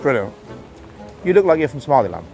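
A man's voice: mid-range voice, big pitch swings, quick pace, creaky, darkish tone, faint music behind. A man conducting a casual street interview outdoors, asking probing questions and often repeating them.

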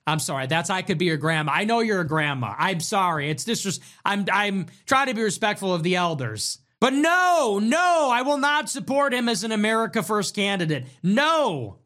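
A man hosts a casual livestream into a desk mic, his voice pitched high for a man and swinging widely up and down. His tone is bright and forceful, full of sarcastic, provocative jabs as he reacts to chat. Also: fairly quick, few pauses. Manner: animated, sarcastic, provocative, jokey. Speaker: livestream host reading donations.

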